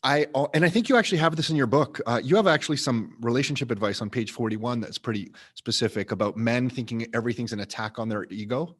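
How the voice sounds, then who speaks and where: A man's voice: medium pitch, quick pace, hardly any pauses. A man hosting a podcast interview, chatty and relatable, with many restarts as he shares his own experience. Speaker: podcast host. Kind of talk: casual interview talk.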